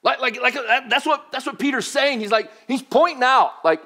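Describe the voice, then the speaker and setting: A man's voice: very high-pitched, moderate pace. A male pastor giving a casual, joking sermon that is full of fillers like "like". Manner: animated, joking, heavy use of "like".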